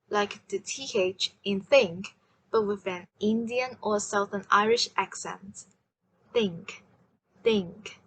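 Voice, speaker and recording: A woman teaching a language lesson, slowly and carefully demonstrating sounds and tones. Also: medium pitch, slightly rough, poor audio.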